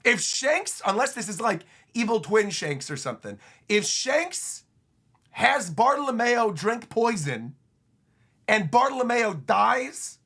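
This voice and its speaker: A man streaming a comic reaction live, excitable and emphatic, who often repeats himself. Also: high voice, slow, slightly rough.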